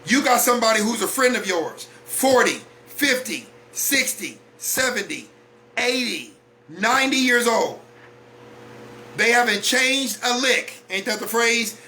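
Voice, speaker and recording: A man's voice: very high-pitched, animated, unhurried, sharp tone, a little hiss or hum. A man hosting a weekly talk broadcast, speaking bluntly in a preachy monologue and hammering home repeated rhetorical questions.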